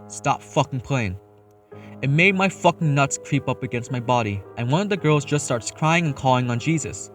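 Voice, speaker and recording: A young man narrating a first-person horror story in a casual, matter-of-fact way, swearing freely. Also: mid-range voice. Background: faint eerie background music.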